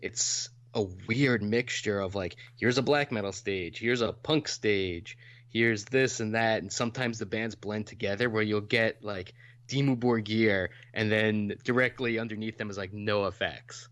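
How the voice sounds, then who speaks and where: A man's voice: on the low side, unhurried, a bit bright, no room sound. A man co-hosting a podcast in casual chat, talkative and explaining in long runs. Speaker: podcast co-host.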